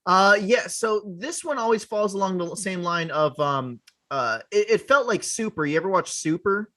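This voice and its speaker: Brief: easygoing podcast co-host, man, slightly high voice, dry close sound. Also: expressive, bright, forceful tone, no room sound. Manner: easygoing, tosses in quick impressions. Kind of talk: casual chat.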